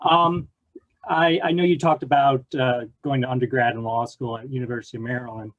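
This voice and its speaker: A man's voice: mid-range voice, fairly even intonation, fairly quick. A man from the audience asking a friendly, somewhat hesitant question over a video call. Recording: dull lo-fi video call audio.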